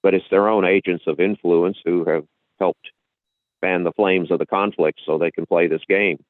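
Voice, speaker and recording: A man with a very low voice talks at length in a lecturing way, circling back and repeating himself as he builds his point. His voice comes through a thin, phone-like line with a dry, close sound. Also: steady tone, normal speed, no room sound. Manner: lecturing, with frequent restarts and repetitions. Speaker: podcast host. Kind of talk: casual explanatory talk.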